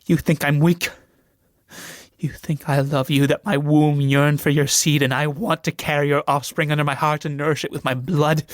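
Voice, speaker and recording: A man's voice: a little high, little pitch movement, normal speed, no echo, clean studio sound, close to an everyday voice. A man reading the part of a proud, desperate young noblewoman in a solo reading of a stage play, swinging from pleading to furious shrieks.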